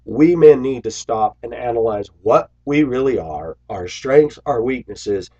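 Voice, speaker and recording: A man's voice: mid-range voice, lively intonation, measured pace, dark tone, dull audio. A man vlogging to his viewers in a bitter, sarcastic, preachy rant. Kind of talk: ranting to camera.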